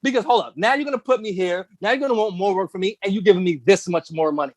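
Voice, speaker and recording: A man's voice: high-pitched, fast talker, no room sound. A man co-hosting a casual discussion, talking in an emphatic, impassioned way, full of slang and rhetorical questions. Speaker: podcast co-host.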